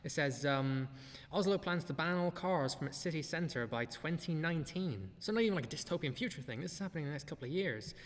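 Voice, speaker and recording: A man's voice: a little high, expressive, quick pace, long reverb tail. A man hosting a podcast, giving blunt, profane, sardonic commentary. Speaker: podcast host. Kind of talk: casual commentary.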